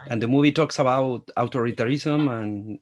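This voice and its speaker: A man's voice: mid-range voice, brisk. A man from Latin America, a Spanish speaker, interviewing guests over a video call in slightly hesitant English. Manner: hesitant, apologetic about his English. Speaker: journalist interviewer.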